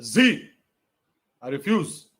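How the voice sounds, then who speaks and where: A man's voice: fairly high pitch, sing-song, extremely slow, a bit bright. A young adult man with a Kenyan accent, ranting bluntly in a profane, mocking livestream. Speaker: commentator. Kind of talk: livestream rant.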